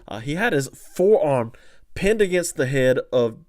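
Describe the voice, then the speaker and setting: A man hosting a casual fight-analysis stream, reading chat comments and talking in an animated way with lots of fillers and restarts. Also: fairly high pitch, unhurried, no echo, studio quality. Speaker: podcast host analyzing fights.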